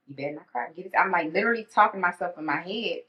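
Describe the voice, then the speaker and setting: A woman's voice: lowish voice, very fast. A woman telling personal stories in casual conversation, acting out her own inner thoughts. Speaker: podcast guest. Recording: echoey dull room sound.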